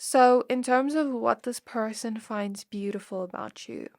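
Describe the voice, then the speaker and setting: A woman reading tarot cards for viewers, talking in a soft, intimate and emotional way, close to tears. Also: fairly high pitch, unhurried, no echo. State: teary, close to crying. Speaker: tarot reader. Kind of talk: pick-a-card tarot reading.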